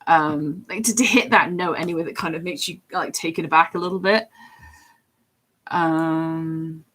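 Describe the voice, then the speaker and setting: A woman's voice: deep voice, steady tone, moderate pace, a bit bright. A woman chatting in a rambling, casual way from her home office while drawing on a livestream, with lots of fillers. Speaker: streamer and hobby artist.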